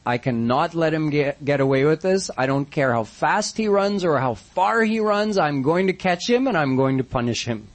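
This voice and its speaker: A man voicing an elderly mother who scolds and threatens her mischievous son, stern yet soft-hearted. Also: fairly high pitch, lively intonation, moderate pace, few pauses. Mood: determined.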